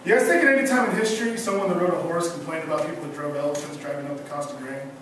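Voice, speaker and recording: High-voiced stand-up comic in an echoey club. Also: male voice, racing. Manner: deadpan one-liners with self-mocking asides. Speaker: stand-up comedian. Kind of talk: stand-up comedy set. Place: comedy club stage. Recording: echoey club room from far off, noisy.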